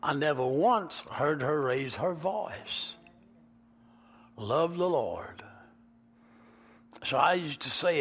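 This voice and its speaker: A man with a Georgia Southern accent, preaching a sermon as a pastor and telling folksy stories with animated swings in volume. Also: a little high, slow, pauses often, breathy edge. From Georgia, USA. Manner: animated, folksy, swings between loud and soft.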